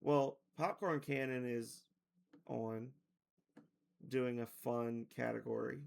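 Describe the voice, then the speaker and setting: A gravelly-voiced man chats loosely to his stream viewers, his voice worn and half gone. He rambles, restarts and leans on "like" at a mid pitch. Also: fairly even intonation, slow, darkish tone. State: losing his voice. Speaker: game streamer. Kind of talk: casual stream chat to viewers.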